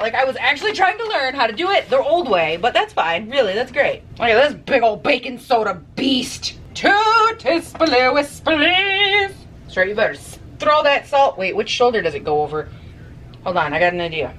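Young woman vlogger, slightly high voice, sassy and chatty with casual swearing, talking in a home kitchen. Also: a bit bright, distant mic, slight background noise, poor audio. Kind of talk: casual chat while baking.

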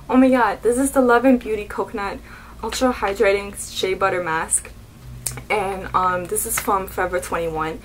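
A young woman vlogging as she unboxes beauty products, gushing and excitable. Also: medium pitch, normal speed, a little hiss or hum, poor audio. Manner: gushing, excitable, keeps saying oh my god. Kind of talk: unboxing vlog.

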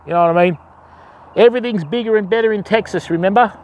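Streaming live from a riverside while fishing, an Australian host chats casually and welcomes viewers by name. He talks fast in a high, slightly mellow voice; the audio is dull with a bit of hiss or hum.

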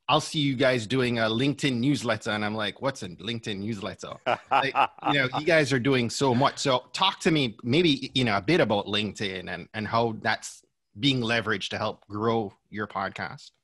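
A man's voice: medium pitch, fairly bright tone, no room sound. A man with a Jamaican accent blended by years abroad, moderating a panel in an encouraging, enthusiastic way. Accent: Jamaican, blended after years abroad.

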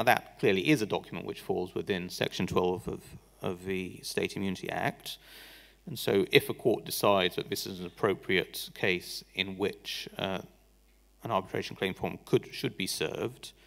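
A man's voice: lowish voice, gravelly. A man giving a legal seminar talk, critical and dry, with frequent restarts. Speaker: barrister giving a lecture.

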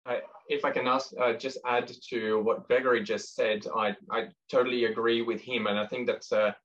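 A man's voice: medium pitch, level tone, moderate pace, a bit bright. A man on a webinar panel, polite and a little hesitant. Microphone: video call. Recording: dull lo-fi call audio.

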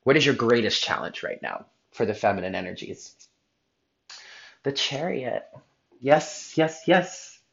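A man's voice: medium pitch, very animated, measured pace, vocal fry, pauses often, highs cut off. Earnest man giving a tarot reading. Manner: earnest, heartfelt, blunt at times. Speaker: tarot reader. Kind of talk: spiritual tarot reading monologue.

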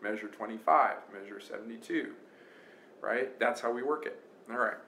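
A man's voice: medium pitch, moderate pace, a little hiss or hum. A man giving a casual guitar lesson, counting beats aloud as he plays along on his own guitar. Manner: relaxed, talks while playing, counts beats aloud. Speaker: guitar teacher. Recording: roomy sound with loud guitar. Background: his own guitar playing.

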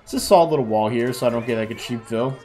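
A man's voice: medium pitch, fast, a little mellow. A tired young man commenting on a replay of his own game, self-critical and groaning at his mistakes. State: tired, yawning. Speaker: gaming video creator.

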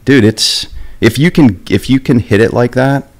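A middle-aged man in a casual podcast conversation, an animated storyteller who talks in a loose, chatty way. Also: medium pitch, normal speed. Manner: animated storyteller, lots of "like" and "dude". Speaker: guest, veteran bowhunter.

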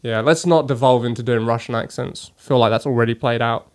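A man in an easygoing podcast chat, thinking out loud with dry, wry remarks and casual swearing. His voice sits at an everyday middle pitch. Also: fairly even intonation, fast. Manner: wry, reasoning things through, swears casually. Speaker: podcast co-host.

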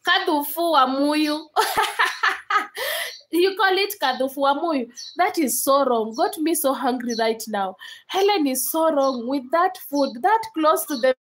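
A woman's voice: sits high, normal speed, low-quality recording. A young Kenyan woman chatting casually to viewers on a live stream, laughing often and slipping between English and Swahili. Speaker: livestreamer.

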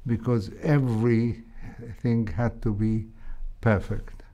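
An older man, a heart surgeon with an Egyptian accent, recalling his training in a reflective interview, speaking in a measured way with frequent hesitations. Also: mid-range voice, flat delivery, dark tone. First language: Arabic.

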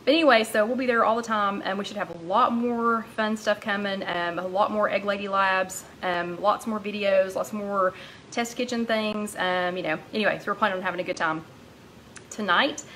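A woman hosting a casual live-stream chat, rambling warmly along and greeting viewers by name, a little out of breath. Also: mid-range voice, fairly even intonation, moderate pace, slight background noise, rough recording. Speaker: host of a live weight-loss chat.

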